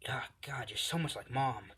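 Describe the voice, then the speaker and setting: A man playing a sulky teenage boy who grumbles at his brother. The voice sits at a middle pitch and stays close to the narrator's own. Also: moderate pace, bright, forceful tone, breathy edge. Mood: grumbling.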